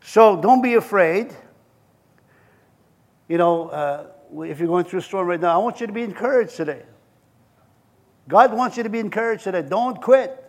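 A man preaching to his congregation with a high, bright voice. He moves between earnest encouragement and playful storytelling, acting out scenes and laughing along the way. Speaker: pastor. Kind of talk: sermon.

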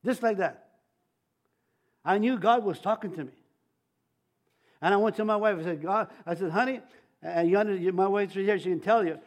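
Older male preacher, very high pitch, conversational sermon, frequent stammered repeats, bursts of volume on key lines. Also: a little fast. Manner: testimony-style preaching with many restarts and stammers. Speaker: pastor.

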